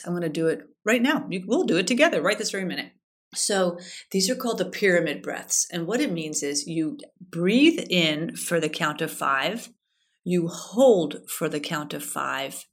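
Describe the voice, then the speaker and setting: Chatty woman coach, low voice. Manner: chatty, storytelling, leads breathing exercise. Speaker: life coach podcast host. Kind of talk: casual solo podcast talk.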